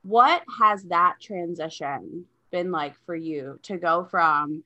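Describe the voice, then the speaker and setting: A woman hosting a casual podcast chat, giggly and animated as she asks questions. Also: fairly low pitch, takes it slowly, lo-fi sound. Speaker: podcast host.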